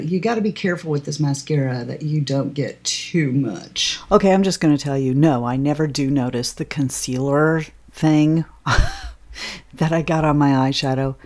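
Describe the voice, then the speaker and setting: A woman in her sixties, a beauty vlogger chatting and laughing through a story while she does her makeup. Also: low-pitched. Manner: chatty, animated storyteller who laughs often.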